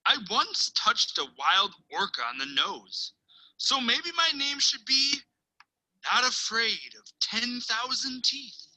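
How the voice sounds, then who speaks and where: Female teacher, picture-book read-aloud, unhurried and expressive, hushed asides. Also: fairly high pitch, rough recording. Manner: expressive storytelling with dramatic pauses and hushed asides.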